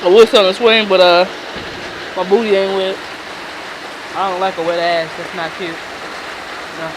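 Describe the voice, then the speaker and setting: A young woman vlogging outdoors in a rainstorm on a handheld camera, excitable and laughing, with bursts of loud exclamations. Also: fairly low pitch, moderate pace. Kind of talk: casual handheld vlog. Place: outdoors in a rainstorm, later in a car. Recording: heavy rain noise behind.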